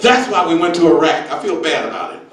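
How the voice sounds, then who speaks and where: A man's voice: on the high side, animated, quick pace, very noisy. A man in his sixties doing stand-up, brash and streetwise, with wild exaggeration and frequent "baby" asides. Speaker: stand-up comedian. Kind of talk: stand-up routine. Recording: echoey room, distant mic.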